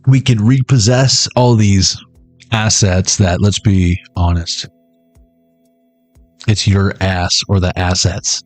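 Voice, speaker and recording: A man giving a tarot reading as a comedic monologue, riffing with jokes and jumping into squeaky high voices. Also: fairly even intonation, takes it slowly, pauses often, no echo, soft background music. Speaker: tarot reader.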